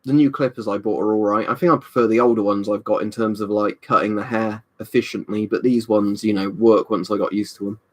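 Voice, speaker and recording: A young man talks through a relaxed live stream from his room at home, his voice sitting a little low. He rambles from one viewer's comment to the next, full of "um" and "you know". He is a touch tipsy from a drink. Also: a little fast, hardly any pauses. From United Kingdom. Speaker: livestream host.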